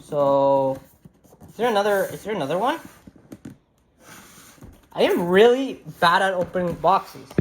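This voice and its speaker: A woman vlogging an unboxing at home, talking into a handheld camera in an excited, rambling, slangy way and laughing at herself. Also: fairly low pitch, a little slow, pauses often, slight background noise. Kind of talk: casual unboxing vlog. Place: at home by a desk. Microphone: handheld camera mic.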